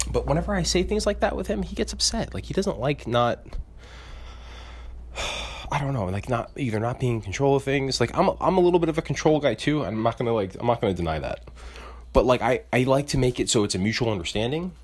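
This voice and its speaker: A man with a very low, deep voice talks through a long, casual rant on his podcast. He rambles, repeats "like" constantly and swears freely as he complains. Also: sing-song, quick pace. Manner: rambling and profane, heavy use of filler "like". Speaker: podcast co-host. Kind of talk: casual venting monologue.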